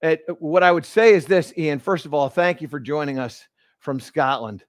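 Man, golf instructor, live lesson, high voice, energetic, step-by-step, dry close sound. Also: normal speed, no room sound. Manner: energetic, explains step by step with many restarts. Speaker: golf instructor and show host.

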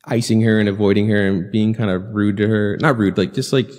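A man's voice: on the low side, fairly even intonation, fairly quick, a little mellow, big-room sound. A man co-hosting a podcast, casually and loosely recapping an anime, swearing freely and acting out lines of dialogue. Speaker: podcast co-host.

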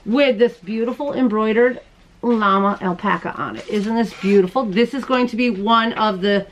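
A woman's voice: fairly high pitch, moderate pace, slight background noise, low-quality recording. A woman hosting her crochet podcast at home late at night, chatting casually and gushing over gifts she shows on camera. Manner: bubbly, chatty, gushes over small things. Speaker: podcast host. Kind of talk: casual chat showing mail and gifts on camera. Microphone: camera she handles while showing items.

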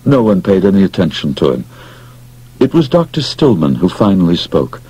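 A man narrating an audiobook in an expressive, dramatic storytelling manner. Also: deep voice, normal speed, breathy edge, rough recording.

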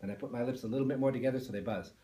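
A man's voice: medium pitch, very fast, reverberant, background noise. A man teaching beginner band students, explaining each step patiently and counting and singing the notes along. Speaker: music teacher. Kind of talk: patient beginner instrument lesson.

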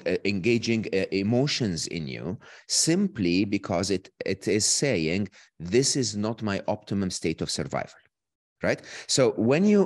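Lively man explaining, dry sound. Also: fairly low pitch, no echo. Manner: animated, often says "okay?" and "right?" to the listener. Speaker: guest speaker. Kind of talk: explaining ideas in an online talk.

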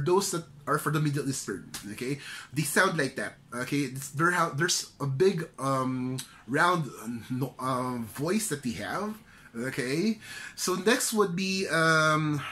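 Man, Filipino accent, middle-aged, chatty trainer, bright forceful voice, fairly high. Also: expressive, measured pace. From Philippines. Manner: loose and chatty, frequent "okay?" check-ins. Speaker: career trainer. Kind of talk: casual instructional vlog.

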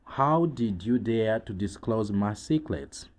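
A man with a Rwandan accent teaching English vocabulary, saying each word twice in a slow, deliberate drill and then translating. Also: lowish voice, lively intonation, a little mellow.

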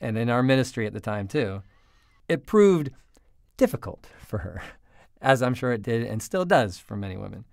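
Give me a man hosting a podcast with an earnest, reflective manner and a smooth voice in a dry room. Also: medium pitch, very animated, normal speed, no echo. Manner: earnest, reflective, leads the segments. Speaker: podcast host.

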